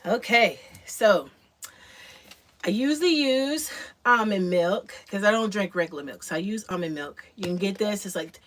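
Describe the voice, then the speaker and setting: A woman vlogger chats casually with her livestream viewers while making a drink in her home kitchen, sounding slightly out of breath. Her mid-range voice is a bit bright, with lively intonation and a moderate pace. Background noise is clearly audible.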